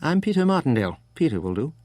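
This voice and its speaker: A man voicing a smooth, inquisitive English-born art dealer in his forties, with a light English accent, in an audiobook reading. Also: fairly high pitch, very animated, fast, a little mellow, dry recording, voice pushed up. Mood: curious.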